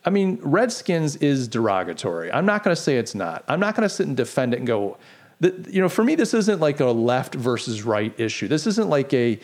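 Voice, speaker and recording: Middle-aged male podcast host, mid-range voice, animated and sarcastic, casual commentary. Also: mid-range voice, fairly quick. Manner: animated, sarcastic, rhetorical questions.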